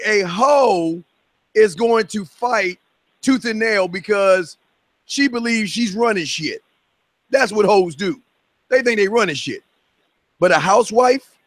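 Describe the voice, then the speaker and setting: A man's voice: high voice, a bit bright, dry recording. A male podcast host lecturing in an opinionated, preachy way, stretching words for emphasis.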